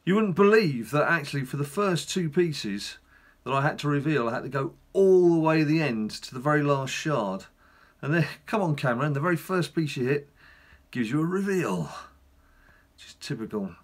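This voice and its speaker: A man's voice: fairly high pitch, expressive, normal speed. Chatty man narrating gameplay. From England. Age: middle-aged. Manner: chatty and rambling, self-deprecating asides. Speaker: gaming channel host. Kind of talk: casual gameplay commentary.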